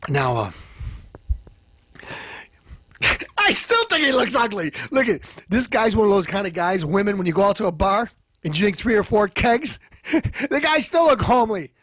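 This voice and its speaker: A man hosting a comedy show, ranting and hurling insults, swinging between loud outbursts and low mutters. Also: big pitch swings, normal speed, no room sound. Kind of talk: ranting comic commentary.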